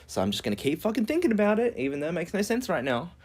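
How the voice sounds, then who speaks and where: A man's voice: high voice, huge pitch swings, very fast, a little mellow. A man rambling and swearing as he muses aloud in a casual live-stream monologue, cold and shivering as he talks. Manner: rambling, profane musing aloud.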